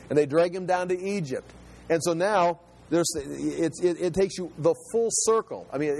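A man's voice: fairly high pitch, darkish tone. A middle-aged man giving a sermon in a conversational way, restarting and repeating words as he explains. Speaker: Bible teacher.

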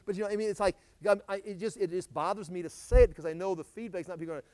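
A middle-aged man teaching through the Bible in a conversational way. He restarts often and swings from loud emphasis to low asides. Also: very fast, hardly any pauses.

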